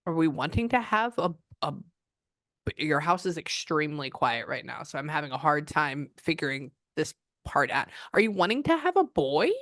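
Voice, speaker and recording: Female medium, lower register, dry close sound; casual, rambling talker who trails off and restarts. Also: big pitch swings, moderate pace, a bit bright, no echo. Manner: chatty, rambling, breaks off mid-sentence. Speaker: psychic medium. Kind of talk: reading session over a call.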